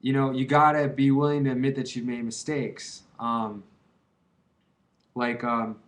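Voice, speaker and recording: A man's voice: medium pitch, flat delivery, measured pace. Rambling young man giving blunt advice. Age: 20s. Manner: rambling, repeats himself, slangy and earnest. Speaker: vlogger giving advice on quitting. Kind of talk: rambling casual advice monologue.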